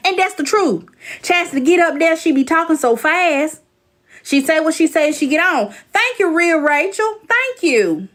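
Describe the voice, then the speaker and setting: A woman's voice: high voice, expressive, fairly bright tone. A woman hosting a live stream, chatting casually and teasing her viewers. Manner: chatty, teasing, drawn-out asides.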